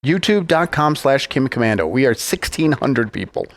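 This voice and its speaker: Male radio co-host, teasing one-liner type, mid pitch, studio-dry sound. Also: big pitch swings, moderate pace, no echo. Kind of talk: casual radio show banter. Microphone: studio microphone.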